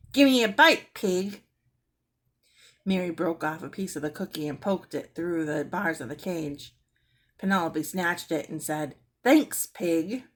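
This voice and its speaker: Low-voiced woman reading a storybook. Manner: gentle storytelling, clears throat now and then. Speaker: reader. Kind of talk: reading a children's book aloud.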